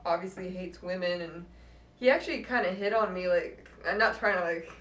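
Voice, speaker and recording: A woman's voice: lowish voice, a little fast, a bit bright. Tired woman, hesitant, echoey and distant. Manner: hesitant, many fillers. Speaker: guest, host's wife. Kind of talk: casual storytelling. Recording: echoey room, far from mic, faint noise.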